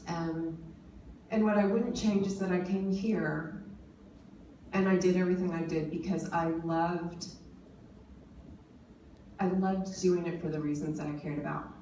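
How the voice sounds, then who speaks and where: A woman's voice: on the low side, steady tone, a little slow, long pauses, mellow. A woman in her forties giving an earnest personal speech at a forum, talking with many fillers and restarts. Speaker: panel speaker. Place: large conference hall. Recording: distant mic in an echoey hall with noise.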